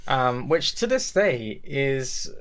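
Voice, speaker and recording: A man's voice: medium pitch, very animated, slow, fairly bright tone. A man hosting a podcast in casual chat, rambling, swearing and laughing often. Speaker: podcast host.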